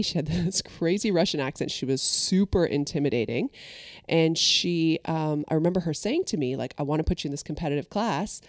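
A woman chats casually, telling a story with lively, acted-out quotes. Her voice sits on the lower side, and the recording is dry and close with no room sound. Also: no room sound. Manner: animated storyteller, acts out quotes.

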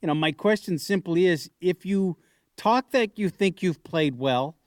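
A man hosting sports talk radio, thinking out loud and asking questions conversationally. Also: high-pitched, unhurried, no room sound, clean studio sound. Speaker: radio host.

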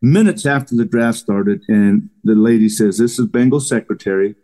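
A man's voice: fairly low pitch, normal speed. A middle-aged man, a retired football lineman, telling stories as a podcast guest, acting out quotes as he goes. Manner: animated storyteller, acts out quotes. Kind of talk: casual storytelling interview.

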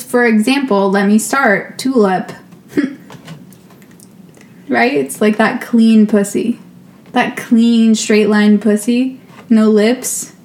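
A woman's voice: a little high, a little hiss or hum. A young woman co-hosting a podcast, tipsy, crude and giggly, swearing freely in casual chat. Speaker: podcast co-host.

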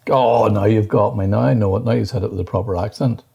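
A man's voice: on the low side, steady tone, fast talker, creaky, mellow, breathy edge, highs cut off. A man co-hosting a podcast, chatting casually, rambling and restarting his sentences. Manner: rambling, distracted, restarts a lot. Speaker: podcast co-host. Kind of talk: casual chat.

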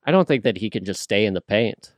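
A man co-hosting a casual sports podcast, relaxed and analytical, running through the numbers. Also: fairly low pitch, quick pace, no echo. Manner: analytical, relaxed, cites stats. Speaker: podcast co-host.

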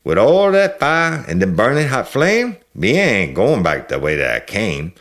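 A man's voice: fairly low pitch, wildly swooping pitch, a little slow, fairly bright tone, voice pushed up, exaggerated voice. A man putting on a hollering Cajun Saint Nick. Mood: hearty. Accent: put-on Cajun. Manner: exclaiming, hearty. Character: jolly old Cajun Saint Nick, male.

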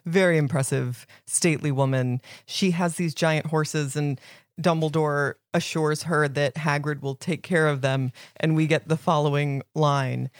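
A woman with a notably low voice co-hosts a casual book podcast, talking eagerly and laughing often. The sound is dry and close to the mic, with no room echo. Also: fairly even intonation, unhurried. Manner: chatty, enthusiastic, laughs often. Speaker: podcast co-host.

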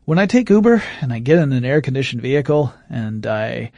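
A man's voice: mid-range voice, big pitch swings, fairly quick, creaky, warm tone, no echo, dull audio. A man co-hosting a podcast, chatting casually in a joking, rambling way with restarts. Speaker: podcast co-host. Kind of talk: casual chat.

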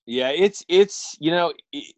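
A middle-aged man, a high school baseball coach, talking frankly and casually with many fillers over a video call. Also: lively intonation, slow pace, no room sound. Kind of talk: casual interview chat. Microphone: video call with earbuds.

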